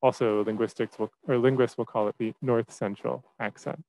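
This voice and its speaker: Rough audio captures a mid-range male voice at normal speed. He's a young teaching fellow presenting to a class, laid-back and full of filler words and restarts.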